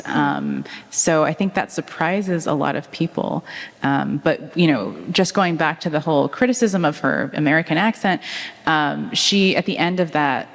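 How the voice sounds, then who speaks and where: A woman with a notably low voice speaks onstage as the author being interviewed. She tells stories in a chatty, animated way, full of ums. Her voice carries a long reverb from the hall. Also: normal speed. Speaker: author guest at a book talk. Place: public talk at a museum event.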